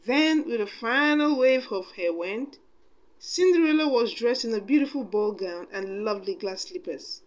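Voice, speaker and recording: A woman's voice: medium pitch, lively intonation, moderate pace. A woman reading a storybook aloud expressively, with chatty asides to her listeners.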